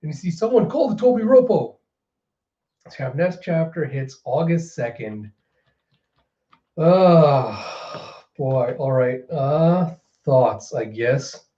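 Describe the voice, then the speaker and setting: Animated man recapping in a mellow voice. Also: fairly high pitch, slow, pauses often. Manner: animated, retelling with frequent fillers. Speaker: manga reviewer. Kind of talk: casual reaction commentary. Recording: roomy, slightly dull recording.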